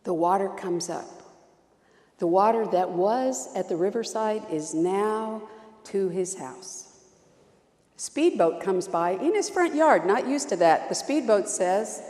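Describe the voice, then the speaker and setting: A woman's voice: medium pitch, lively intonation, takes it slowly, darkish tone, reverberant, big-room sound. A woman pastor preaching a sermon, telling stories with strong emphasis and repetition.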